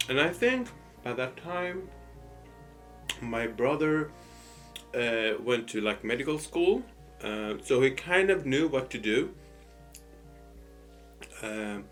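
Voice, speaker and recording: A man's voice: mid-range voice, fairly bright tone. A man casually telling a personal story while eating, hesitant and full of fillers and restarts. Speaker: storytime host.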